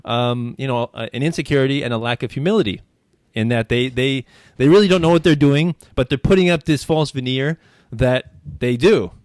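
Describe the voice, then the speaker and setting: A man hosting an interview, speaking emotionally with halting restarts. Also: mid-range voice, a little mellow, no room sound, clean studio sound. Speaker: interview host. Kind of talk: casual interview chat.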